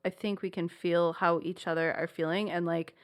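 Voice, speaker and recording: A woman's voice: fairly low pitch, level tone, moderate pace. A woman co-hosting a podcast in casual chat, rambling reassuringly and filling her sentences with "like". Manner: rambling, reassuring, many fillers like "like". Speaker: podcast co-host.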